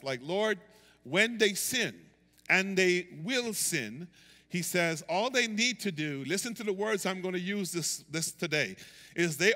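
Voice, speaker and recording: A male pastor preaching a sermon, reading scripture and building to emphatic, animated calls. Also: high-pitched, in a large hall. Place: church sanctuary.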